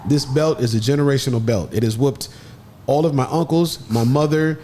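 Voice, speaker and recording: A man telling a story in an animated way, with lively jumps in pitch as he acts out other people's voices. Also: brisk, slight background noise. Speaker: podcast guest.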